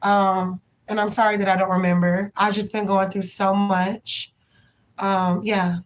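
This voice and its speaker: A woman's voice: mid-range voice, level tone, measured pace, rough recording. A woman hosting a live tarot reading stream, chatting casually and affectionately with viewers in slang. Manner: rhythmic chanted prayer.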